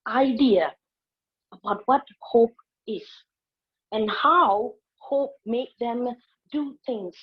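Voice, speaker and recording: A woman from Malaysia, an invited speaker who teaches public speaking, gives a motivational speech, telling stories expressively and acting out her own inner voice. Her voice is fairly high-pitched and husky, and the recording is muffled.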